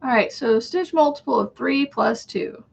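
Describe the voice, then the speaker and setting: A woman's voice: sits high, normal speed, gravelly, husky, poor audio. A woman hosting a crochet livestream, chatting casually, greeting viewers by name and counting stitches under her breath.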